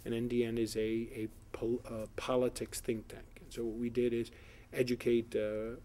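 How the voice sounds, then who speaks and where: Man with a dark, flat voice, rambling. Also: mid-range voice, normal speed. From South Florida. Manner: rambling, many fillers and restarts. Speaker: political candidate. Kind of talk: editorial board interview.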